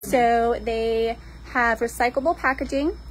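A woman's voice: a little high, steady tone, measured pace, poor audio. A woman hosting a casual office lunch vlog, chatty and upbeat, questioning coworkers about the food. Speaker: office staff host of a lunch segment. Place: office break room, indoors.

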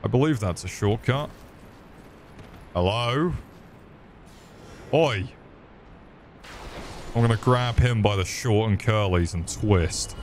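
A man's voice: lowish voice, slow, long pauses, slight background noise. A man streaming a game, swearing often and joking with his chat. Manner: swearing, joking, chatting to viewers. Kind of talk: casual gaming commentary.

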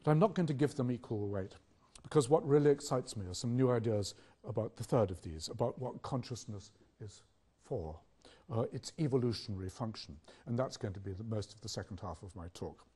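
An older man with a British accent giving an academic public lecture, measured and questioning, with rhetorical pauses. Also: mid-range voice, warm tone, breathy edge.

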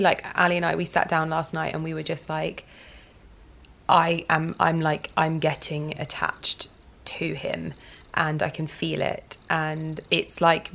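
A tired young woman talks straight to camera in a loose, rambling vlog, full of "like" and trailing thoughts. Her voice sits a little low with a gravelly fry, and she sounds on the edge of tears. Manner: rambling, emotional, many fillers. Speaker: vlogger. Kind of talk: casual vlog chat.

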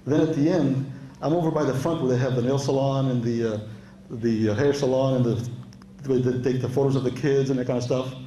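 A man's voice: mid-range voice, fairly even intonation, brisk, mellow, echoey room, low-quality recording. Man, stand-up comedian, live club show, chatty storytelling, raised voice for quotes, faint room noise. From Europe. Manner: chatty, laughs at own stories, quotes people in a raised voice.

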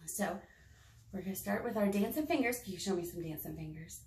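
Animated woman leading children's storytime. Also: mid-range voice, a little fast. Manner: animated and encouraging, talking to young children. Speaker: children's librarian. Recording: roomy echo.

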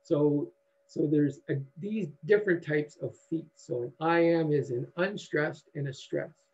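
A man giving a university lecture in a halting way, with many fillers and restarts. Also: on the high side, darkish tone, breathy edge, lo-fi sound.

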